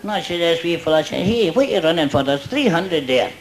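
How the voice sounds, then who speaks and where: A man's voice: fairly high pitch, animated, fast, a faint crowd, a little hiss or hum, poor audio. An older Scottish man doing a stand-up routine before a live audience, chatty and cheeky, laughing at his own jokes. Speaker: stand-up comedian.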